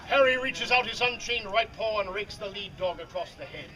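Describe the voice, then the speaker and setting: A man's voice: high-pitched, moderate pace, very noisy. A man performing an outdoor comedy show, bantering and teasing audience volunteers. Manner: bantering, teasing crowd work. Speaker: street performer. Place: outdoor fair stage. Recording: loud crowd outdoors. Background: large crowd.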